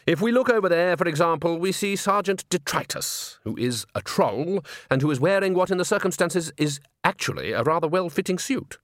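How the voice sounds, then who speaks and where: A man's voice: fairly high pitch, lively intonation, fairly quick, few pauses, no echo, voice pushed up, lightly acted. A man reading an audiobook, voicing a weary male opera music director with a dry, sardonic manner.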